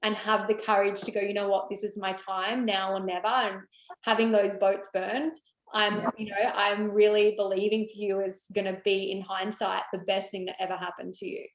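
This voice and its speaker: A woman's voice: medium pitch, level tone, moderate pace, echoey room, poor audio. A woman coaching a group over a video call, affirming and encouraging with spiritual phrasing.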